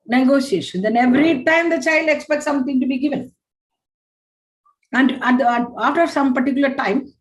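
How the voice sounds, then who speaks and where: A woman's voice: high-pitched, low-quality recording. A woman giving a parenting workshop, emphatic and repetitive, often acting out scolding parents. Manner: animated, acts out scolding parents in quick asides.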